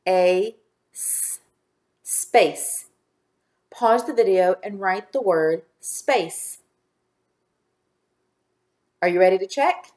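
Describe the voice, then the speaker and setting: A woman with a mid-range voice teaches young children phonics in a recorded lesson. Patient, slow and clear, she sounds words out and spells each one letter by letter.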